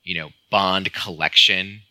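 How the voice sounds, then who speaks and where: Deep-voiced man, very bright edge, rambling amused podcast co-host, dry close mic. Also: steady tone, measured pace, dry recording, poor audio. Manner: rambling, many fillers, amused. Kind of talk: casual film discussion.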